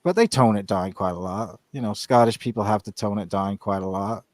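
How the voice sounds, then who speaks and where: A man's voice: lowish voice, a little fast, darkish tone. A man with an educated Northern Irish accent, chatting casually on a podcast and rambling with many restarts. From Northern Ireland. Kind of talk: casual chat.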